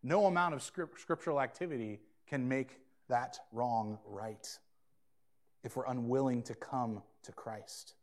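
A man preaching a sermon as pastor, earnest and emphatic, swinging between loud emphasis and quiet asides. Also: medium pitch, a little slow.

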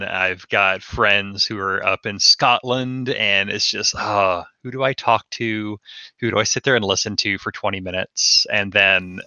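A man hosting a casual podcast chat, relaxed and conversational, asking his co-player questions. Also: fairly low pitch, gravelly, no room sound, dull audio. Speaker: podcast host.

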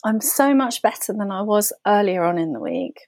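A woman's voice: mid-range voice, big pitch swings, normal speed, a little mellow, dry recording. Woman, podcast co-host, candid rambling chat, giggly, dry sound.

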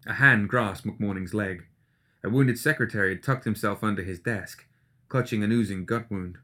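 Low-voiced man narrating a dark fantasy story. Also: moderate pace. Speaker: audiobook narrator. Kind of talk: scripted fiction narration.

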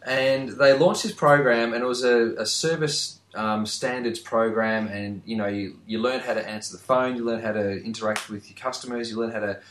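A man's voice: medium pitch, fairly even intonation, normal speed, few pauses, fairly bright tone, reverberant. A man, chatting earnestly as a podcast co-host. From Australia. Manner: earnest, emphatic, repeats phrases. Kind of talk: casual podcast chat.

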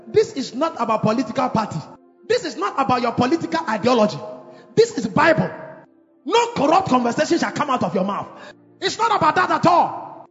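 A man preaching a fervent sermon to his congregation in a church hall, shouting declarations and calling for responses. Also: very high voice, big pitch swings, brisk, faint music behind. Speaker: pastor. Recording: echoey, slightly dull church hall recording.

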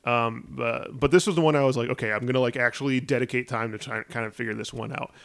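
A man chatting casually about video games, rambling with filler words and restarts, getting animated as he talks. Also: medium pitch, fast, vocal fry.

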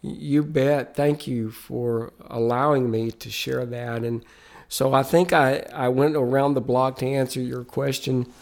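A man's voice: medium pitch, steady tone, a little slow, vocal fry. A man, a Christian musician, telling stories in a podcast interview with an earnest, emphatic, preacher-like cadence.

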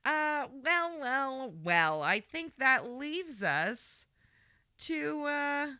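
A woman's voice: high-pitched, sing-song, very slow, pushed and bright, no room sound. A woman co-hosting a podcast in casual chat, playful and jokey with crude banter. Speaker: podcast co-host.

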